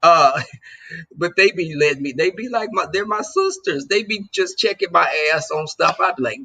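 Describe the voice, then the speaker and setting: Gravelly, bright-voiced man chatting with viewers. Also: fairly high pitch, animated, moderate pace. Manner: loose and joking, talks straight to the chat. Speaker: livestream host. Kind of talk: casual chat with live viewers.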